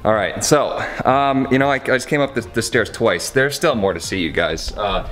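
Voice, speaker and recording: A man's voice: lowish voice, moderate pace, fairly bright tone, soft background music. A young man chatting casually in a vlog, rambling and frank with a lot of swearing and an exasperated edge. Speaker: gaming YouTuber. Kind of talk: casual vlog house tour then game talk.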